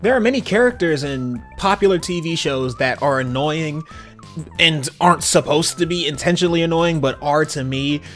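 A man's voice: fairly high pitch, normal speed, fairly bright tone, soft background music. A young man giving casual, slangy commentary on a cartoon episode, laughing often. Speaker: video commentator.

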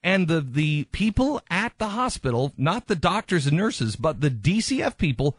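A man's voice: a little high, sing-song, a little slow, slightly rough, no echo, studio quality. A man hosting a radio talk show, speaking in an impassioned, emphatic way and often repeating himself for stress.

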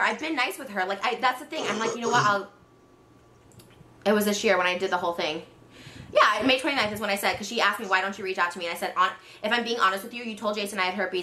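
A woman in her thirties venting in an exasperated, animated rant. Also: mid-range voice, echoey room. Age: 30s. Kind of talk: emotional rant.

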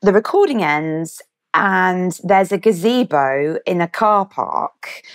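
A woman in her thirties with an English accent, a podcast guest vividly retelling a personal story and acting out the quotes. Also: sits low. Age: 30s. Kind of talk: conversational storytelling.

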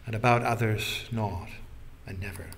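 A man voicing a calm, measured Canadian husband, in an audiobook. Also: fairly low pitch, slight background noise, lightly acted.

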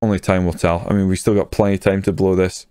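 A man's voice: low-pitched, quick pace, clear, resonant tone, dry recording, clean studio sound. A young man, casually commenting on his own football management game and getting worked up over goals. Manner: excitable, swears when a goal goes in. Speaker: gaming YouTuber.

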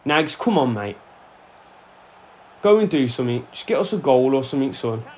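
A young man giving excitable, sweary commentary over a football video game, shouting at his players. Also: medium pitch, normal speed, slightly rough. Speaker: gaming YouTuber. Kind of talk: live gameplay commentary. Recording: faint music under voice.

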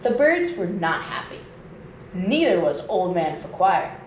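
A woman nature educator reads a children's picture book aloud, slowly and with lively swings in pitch. Her voice sits fairly high. The recording is echoey, with a faint hiss in the background. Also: dull audio. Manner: slow, expressive read-aloud. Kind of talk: storybook reading for children. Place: indoors at home. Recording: echoey room with faint noise.

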